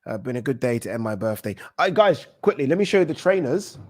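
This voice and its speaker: A British man hosting a casual boxing livestream, chatting excitably, swearing casually and reading out viewer messages. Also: mid-range voice, quick pace, no echo, clean studio sound.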